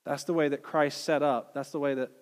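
A man's voice: on the high side, steady tone, fairly quick. A man preaching a teaching sermon in an earnest way, acting out quoted voices in his illustration. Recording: long hall reverb.

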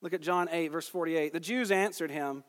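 A man's voice: a little high, moderate pace, long reverb tail. A man preaching a sermon, reading scripture aloud and stressing key phrases with emphasis.

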